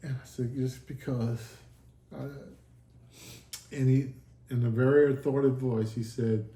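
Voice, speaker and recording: A man's voice: medium pitch, steady tone, unhurried, pauses often, dark tone. A man telling his testimony in a casual sit-down talk, earnest and emotional, acting out the dialogue he recalls. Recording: echoey room.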